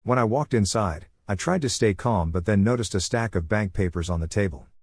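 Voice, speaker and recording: A man with a lowish voice narrates a first-person story, scripted and even in delivery. The sound is dry and close, with no room around it. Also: brisk, slightly rough, no room sound.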